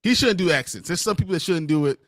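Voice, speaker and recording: A man co-hosting a casual live movie review show, talking in an exasperated, animated way. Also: fairly high pitch, fast, no echo, studio quality. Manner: animated, exasperated, swears and laughs often. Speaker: podcast co-host.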